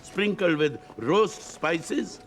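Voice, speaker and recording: A man's voice: a little high, lively intonation, very slow, faint music behind, heavily acted. An actor playing a proud, stubborn father who runs a restaurant, speaking firmly and insistently. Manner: firm, insistent.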